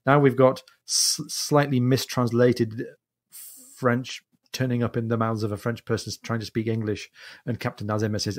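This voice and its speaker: A man's voice: medium pitch, flat delivery, moderate pace. A man hosting a book discussion podcast, talking through funny passages with enthusiasm. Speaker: podcast host.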